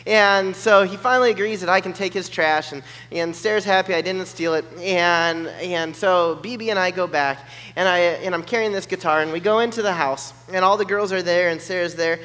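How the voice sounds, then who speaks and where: A man telling a personal story in an animated way, acting out the voices of the people in it. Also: high-pitched, normal speed. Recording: long hall reverb.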